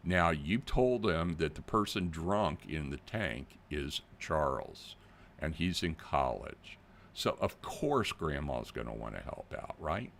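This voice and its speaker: Deep gravelly older man, lively delivery. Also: slow pace, a little hiss or hum. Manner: animated, plain-spoken, addresses viewers directly. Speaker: channel host. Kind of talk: casual video commentary.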